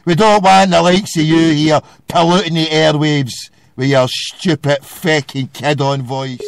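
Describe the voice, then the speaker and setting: A man's voice: fairly high pitch, steady tone, measured pace, creaky, hardly any pauses, smooth. A Scottish man hosting a call-in show, ranting and hurling insults at a caller. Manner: abusive, ranting, hurls insults. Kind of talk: phone-in radio rant.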